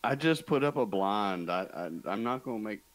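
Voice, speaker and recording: A man's voice: fairly low pitch, lively intonation, normal speed, poor audio. A man in a casual podcast chat, joking around and swearing now and then.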